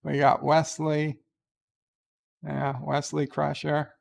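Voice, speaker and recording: A man tells a rambling story in a casual vlog. He speaks slowly in a gravelly voice a little above the usual pitch. Fillers and restarts run through his talk. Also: completely flat delivery. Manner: rambling, slow, filler-heavy. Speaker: vlogger.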